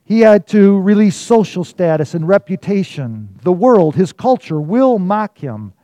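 Pastor with a mellow, slightly high voice. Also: male voice, lively intonation, unhurried, dry recording. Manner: storytelling with dramatic swings from loud to hushed. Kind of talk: sermon.

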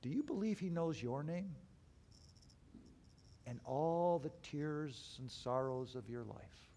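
Male pastor, fairly high voice, sermon delivery with big dynamic swings from loud to quiet. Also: lively intonation, a little hiss or hum. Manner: dramatic swings between loud and hushed; slow, deliberate pauses.

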